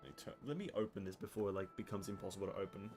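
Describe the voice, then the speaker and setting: A man's voice: low-pitched, racing, over music. A young man chatting casually while streaming a game, rambling and laughing at himself. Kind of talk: casual chat.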